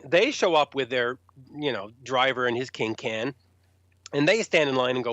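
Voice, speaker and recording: A rock journalist spins casual stories, animatedly acting out the other people in them with raised voices. His medium-pitched voice moves at a moderate pace, and the recording is dry, dull and lo-fi with no room sound.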